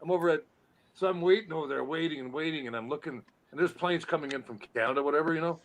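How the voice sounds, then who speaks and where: Male former player, relaxed joker, voice a bit higher than most men. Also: fast, low-quality recording. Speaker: former hockey player, guest. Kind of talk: casual storytelling chat.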